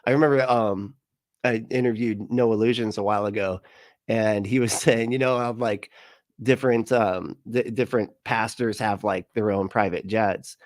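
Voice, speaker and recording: A man's voice: on the low side, steady tone, normal speed, no echo, clean studio sound. A man hosting a livestream reaction show, chatting casually with lots of laughter and mocking asides.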